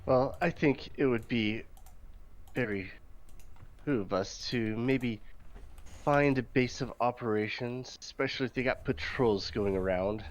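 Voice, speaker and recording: A man calmly planning moves as a player at a tabletop game. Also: medium pitch, measured pace. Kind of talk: casual chat at a tabletop game.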